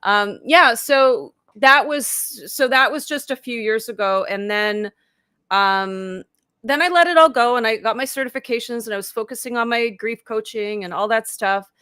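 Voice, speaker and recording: A woman in her fifties chats as a guest on a live video call, her voice bright and sharp with a dry, close sound. She tells her story casually, scattering "like" through it and acting out her own past thoughts as quotes. She sits a little higher in pitch than most women. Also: normal speed, clean tone, dry recording. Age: 50s. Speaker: life coach and guest.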